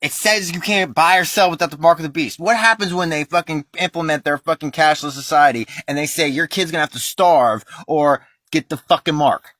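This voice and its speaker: American guy ranting and cussing nonstop, kinda high sharp voice, super dry sound. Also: fairly quick, dry recording. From United States. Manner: profane, heated, emphatic ranting. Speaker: vlogger. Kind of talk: ranting monologue.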